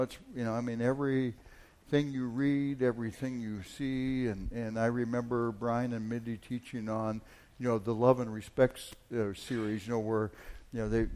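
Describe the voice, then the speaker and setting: A man delivers a sermon in an easygoing, conversational manner, often restarting his sentences and filling pauses. On key points he pushes his voice to sudden loud emphasis, then drops back to a soft, talky tone. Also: mid-range voice. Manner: conversational preaching with many fillers and restarts; swells loud on emphatic lines. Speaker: pastor.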